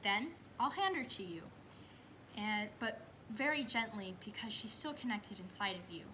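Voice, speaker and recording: A young woman quoting a calm male doctor in a stage monologue, in a coaxing, instructive way. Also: mid-range voice, normal speed, a little hiss or hum. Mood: coaching.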